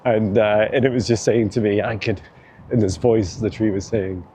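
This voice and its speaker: A man's voice: fairly low pitch, steady tone, normal speed, mellow, slight background noise. A man rambling casually while walking outdoors through city streets, filming on a handheld phone, chatty and laughing often. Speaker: vlog host. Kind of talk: walking tour vlog.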